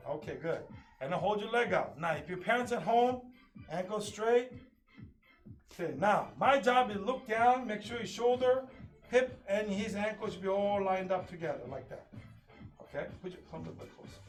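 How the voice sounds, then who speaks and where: A man teaching a live online taekwondo class, calling kick counts and drills with sharp shouts. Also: sits high, normal speed, distant mic, soft background music. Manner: coaching commands, loud kiai shouts. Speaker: taekwondo instructor. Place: training studio.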